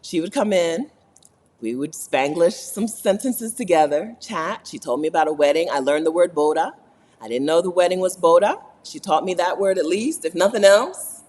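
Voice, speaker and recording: American woman vlogging, low voice that jumps all over, laughy and chatty, kinda echoey room. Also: normal speed. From United States. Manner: animated, laughing, repeats "right?". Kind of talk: casual livestream chat.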